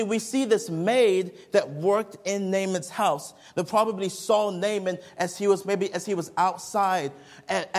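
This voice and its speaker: Lively man teaching kids a Bible lesson. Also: high-pitched. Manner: lively storytelling, questions to the kids. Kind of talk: children's sermon.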